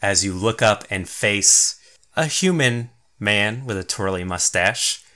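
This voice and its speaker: A man narrating as game master of a tabletop game, relaxed and chuckling. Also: fairly low pitch, slow.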